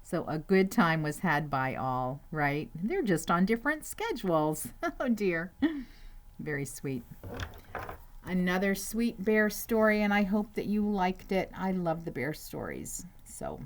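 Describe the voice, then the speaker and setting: A woman reading a children's picture book aloud, adding gentle, chatty asides to her listeners. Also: fairly low pitch, big pitch swings, measured pace. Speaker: storyteller.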